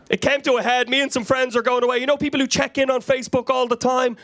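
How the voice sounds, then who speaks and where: A man's voice: extremely high pitch, little pitch movement, fast, hardly any pauses, fairly bright tone. An Irish man in his thirties performing a frenetic, anecdotal stand-up comedy set to a live crowd. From Ireland. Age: 30s. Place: comedy club stage before a live audience.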